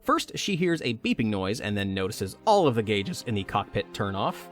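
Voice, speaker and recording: A man's voice: on the low side, very animated, moderate pace, faint music behind. Man narrating with joking asides. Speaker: podcast host. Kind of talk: retelling a video game story.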